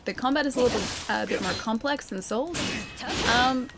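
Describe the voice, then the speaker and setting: A woman's voice: on the high side, moderate pace, vocal fry, very noisy. A young Australian woman streaming a game, chatting casually with her chat and thanking viewers between fights, with plenty of ums and uhs. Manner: chatty, reads out and thanks chat, many fillers. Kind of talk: casual live-stream chat while gaming. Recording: game music playing behind.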